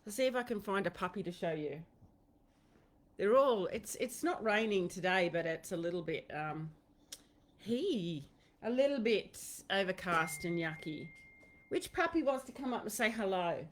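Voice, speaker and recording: A woman's voice: medium pitch, animated, normal speed. An Australian woman hosting a live online Q&A, talking casually and rambling, with many fillers and restarts. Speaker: host of a horse-training Q&A livestream. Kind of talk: casual livestream chat.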